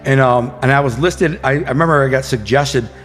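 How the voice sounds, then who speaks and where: A man's voice: mid-range voice, a little fast, fairly bright tone, long reverb tail, faint music behind. Rambling storyteller man with slangy talk. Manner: loose, rambling, slangy with many restarts. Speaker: interview guest, author. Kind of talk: casual storytelling.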